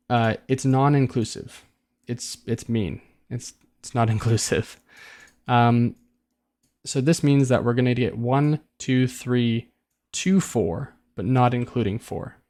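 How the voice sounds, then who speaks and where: A man at a medium pitch gives a casual coding tutorial. He talks it through as he goes, loose and chatty, often doubling back on a phrase or pausing on an "uh" while he works out the next step. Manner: relaxed and chatty, restarts phrases, thinks aloud with ums.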